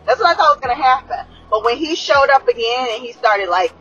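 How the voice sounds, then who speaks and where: Woman, excitable rambling recap chat, lots of swearing, faint music behind, dull lo-fi sound. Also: on the high side, fairly quick, hardly any pauses. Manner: excitable, profane, rambling with many fillers. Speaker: show reviewer.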